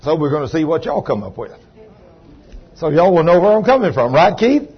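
A man's voice: fairly high pitch, big pitch swings, brisk, husky, muffled recording. A man preaching a sermon, folksy and chatty, calling on members of the congregation by name. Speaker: pastor. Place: church.

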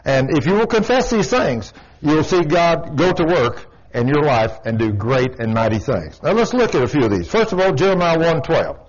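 A man preaching in a church, his voice sitting a little high for a man. He is folksy and emphatic, and he tells stories to his congregation. The recording of the service is dull and lo-fi. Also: very animated, moderate pace, hardly any pauses. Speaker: pastor. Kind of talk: sermon.

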